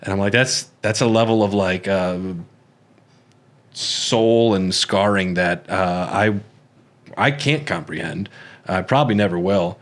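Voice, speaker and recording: Relaxed man chatting about a film. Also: deep voice, a little slow. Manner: relaxed, hesitant, lots of fillers and restarts. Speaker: podcast co-host. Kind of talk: casual film discussion.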